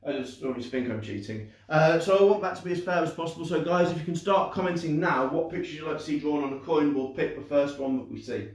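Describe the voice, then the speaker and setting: Streaming live from an indoor room, this young children's entertainer and magician runs a kids' magic show in a slightly high voice, speaking quickly with hardly a pause. His manner is upbeat and talkative, full of self-deprecating jokes, fillers and restarts. He's well away from the microphone in a very echoey space.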